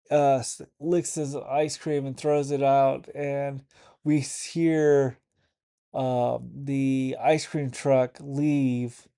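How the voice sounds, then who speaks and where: A man casually recapping a TV episode for his online channel, in a halting, stop-start way. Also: medium pitch, creaky, warm tone, smooth. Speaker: YouTube reviewer.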